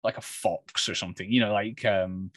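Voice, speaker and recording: A man's voice: on the low side, fairly even intonation, moderate pace, dry recording. A man playing a tabletop game, talking in a rambling way full of fillers as he explains his moves. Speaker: player.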